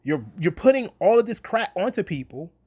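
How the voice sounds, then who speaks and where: A man with a slightly higher-than-average voice rants bluntly about wrestling. His delivery is sarcastic, profane and casual, with no polish. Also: big pitch swings, moderate pace, warm tone, breathy edge. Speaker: wrestling commentary vlogger. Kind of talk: casual opinion rant.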